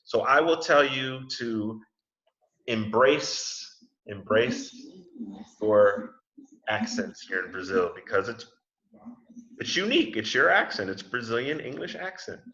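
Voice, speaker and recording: A man's voice: mid-range voice, expressive, slow, long pauses, bright, forceful tone. A man leading an English class over a video call, friendly and chatty, often repeating and restarting words. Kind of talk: casual class discussion. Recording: muffled video call in an echoey room.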